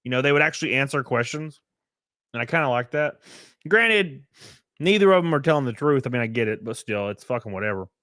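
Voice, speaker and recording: A young man with a drawl talks live to his viewers, blunt and often profane, wandering between thoughts with plenty of ums. His voice sits at an ordinary middle pitch. The sound is dry and close, with no room around it. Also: expressive, a little fast, fairly bright tone, no room sound. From American South. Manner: blunt, profane, rambling with many fillers. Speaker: streamer. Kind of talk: casual live-stream chat reading comments.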